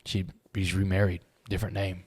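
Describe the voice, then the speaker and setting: Man, middle-aged, low voice, earnest, halting, podcast guest storytelling. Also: completely flat delivery, breathy edge. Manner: earnest, halting, repeats words when moved. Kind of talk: emotional storytelling.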